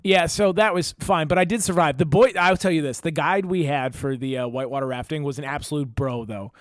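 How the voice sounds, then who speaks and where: A young man telling animated stories in casual chat, swearing freely and acting out other people's lines. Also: on the high side, a little fast, no room sound, studio quality. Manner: animated, acts out quotes, swears freely, says "dude".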